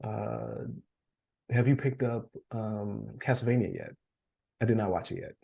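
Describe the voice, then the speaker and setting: A man's voice: on the low side, measured pace, gravelly, dark tone, breathy edge. A man co-hosting a podcast in casual chat, losing his voice, rambling with fillers and frequent laughs. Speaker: podcast co-host.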